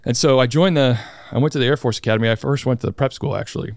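A man's voice: medium pitch, very fast, vocal fry, no echo, clean studio sound. A man in his thirties talking casually as a podcast guest, chatty and a little nervous, poking fun at himself. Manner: nervous, chatty, self-deprecating. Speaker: guest, squadron commander.

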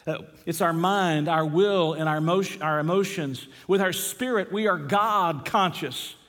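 A man preaching a sermon, earnest, repeating key phrases and slowing down on the verses he quotes. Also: fairly high pitch, a bit bright, in a large hall. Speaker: pastor.

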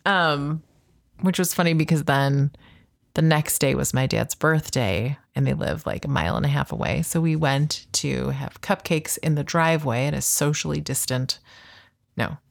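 A woman co-hosting a podcast, telling a story in casual chat, animated and laughing, acting out the voices she quotes. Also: low-pitched, moderate pace, vocal fry. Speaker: podcast co-host.

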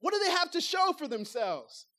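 In an extremely high voice at normal speed, a woman preaches a lively, conversational sermon. She fires rhetorical questions at the congregation and acts out everyday talk to illustrate her points.

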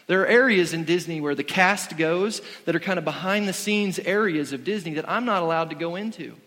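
A man's voice: a little high, normal speed, fairly bright tone. Earnest preaching man in a reverberant hall. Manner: earnest, conversational preaching with frequent restarts. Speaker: pastor. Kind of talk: sermon.

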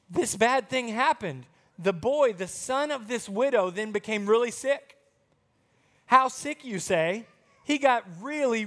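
A man's voice: high voice, fairly bright tone. A man teaching a Bible story to children, chatty and playful, talking to the kids directly.

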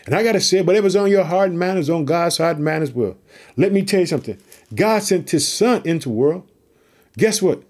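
Fervent high-voiced preacher man. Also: animated, a little fast, darkish tone. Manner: fervent, calls out to listeners as family; repeats catchphrases between verses. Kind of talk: Bible teaching talk.

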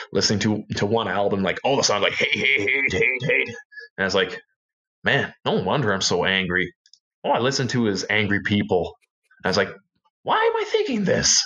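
A Canadian man, a guest, telling a personal story casually, in a loose and halting way with many fillers and restarts. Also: on the low side, fairly bright tone.

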